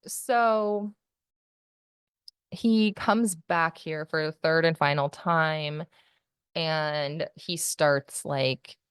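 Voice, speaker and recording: A woman's voice: low voice, steady tone, extremely slow, clean tone, no room sound, clean studio sound. A woman guest giving a candid personal account in an interview, rambling and full of fillers like "like" and "you know.".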